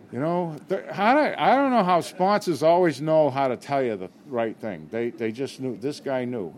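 A man's voice: medium pitch, a little hiss or hum. Older man, candid, self-mocking recovery talk. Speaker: speaker at a recovery meeting.

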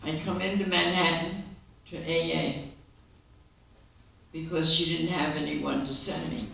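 An older woman giving a lively personal testimony to a meeting, acting out the dialogue as she tells it. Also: sits low, gravelly, a little hiss or hum. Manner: lively storyteller who acts out dialogue and laughs along. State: hard of hearing. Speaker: recovery meeting speaker. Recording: echoey hall recording from far off.

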